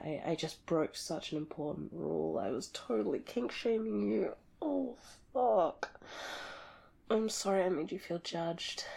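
A woman playing the listener's girlfriend in an audio role-play, talking in an expressive, conversational way that swings between loud and hushed. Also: mid-range voice, gravelly, breathy edge. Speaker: girlfriend character addressing the listener.

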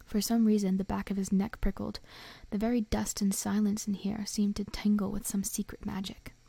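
A woman reading a storybook aloud in a soft, often whispered voice. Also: medium pitch, level tone, moderate pace, creaky, slightly rough, dry recording. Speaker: reader.

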